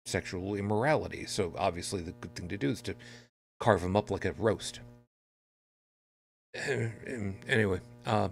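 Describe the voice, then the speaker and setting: Tired, rambling podcast co-host; low-pitched man over faint music. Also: creaky. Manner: rambling, self-interrupting with many restarts. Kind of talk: casual comedic podcast chat.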